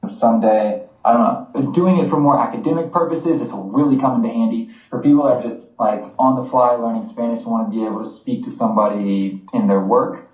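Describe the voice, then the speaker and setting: A man from the United States co-hosting a podcast. He explains in a relaxed, chatty way with plenty of fillers, at a mid pitch. The recording is a little dull and roomy. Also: brisk, hardly any pauses. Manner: relaxed, conversational teaching with fillers. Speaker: podcast co-host. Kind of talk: casual explanatory chat.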